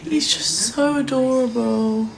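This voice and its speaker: Loud crowd noise sits behind a young English woman live-streaming on her phone from her home kitchen, cooing baby talk to her dog. Her voice is on the high side and slow, and the recording is rough.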